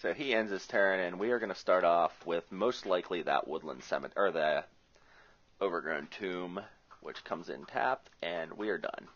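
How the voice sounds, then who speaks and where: Speaking at an ordinary pace in a low-pitched, fairly bright voice, this Rust Belt man jokes and chats his way through a play-by-play of his own Magic card game, working out his moves aloud. The audio is muffled and lo-fi.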